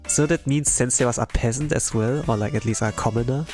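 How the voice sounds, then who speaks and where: A man's voice: medium pitch, fairly quick, a little mellow, faint music behind. A man chatting casually as a streamer while reading along with a story. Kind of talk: casual commentary during a readalong.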